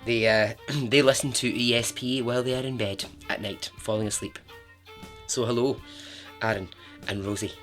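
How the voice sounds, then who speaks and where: A man hosting a podcast, telling a true story in a chatty, expressive way with frequent asides to the listener. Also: mid-range voice, moderate pace, soft background music. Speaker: podcast host.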